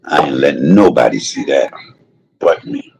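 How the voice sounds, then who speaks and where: A man's voice: a bass voice, lively intonation, moderate pace, creaky, darkish tone, breathy edge, poor audio. An older man hosting a live food stream who drifts into emphatic, folksy preaching. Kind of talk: mukbang stream talk turning into preaching.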